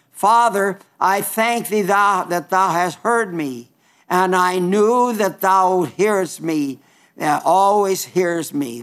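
A man preaching a sermon, emphatic and folksy, quoting scripture in King James wording and dropping into low, wry asides. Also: a bit bright.

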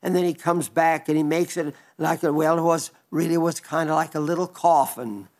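A male pastor tells a story from the pulpit in an earnest, heartfelt way. His voice sits a little high for a man, and he often restarts phrases and slows down on the moving parts. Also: fairly even intonation, a little mellow. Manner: earnest, retelling with restarts and slow emphatic pauses. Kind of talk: storytelling sermon.

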